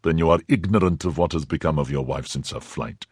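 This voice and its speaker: A man voicing a powerful older cardinal who questions in a measured, probing way and commands quietly. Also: very deep voice, husky, no room sound, clean studio sound. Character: powerful older male cardinal, cold, calculating.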